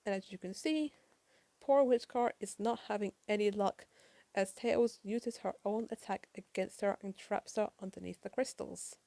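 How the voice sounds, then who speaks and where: A tired woman rushes through a casual late-night comic review, apologizing and swearing as she goes. Her voice is gravelly, mellow and a bit high, and the sound is dry and close. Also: dry recording.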